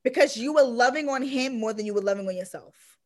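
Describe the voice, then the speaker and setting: A woman's voice: on the high side, brisk. A woman giving a casual psychic reading, speaking with assurance and emphatically repeating her points. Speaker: psychic reader.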